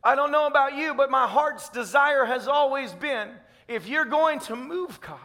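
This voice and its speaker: A man's voice: extremely high pitch, normal speed, pushed and bright, in a large hall. A man from Tennessee with a Southern accent, preaching a fervent, emphatic sermon as pastor. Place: church sanctuary.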